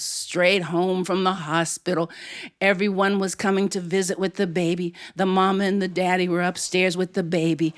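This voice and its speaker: A woman storyteller telling a story in an animated, expressive way with frequent chuckles. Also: fairly low pitch.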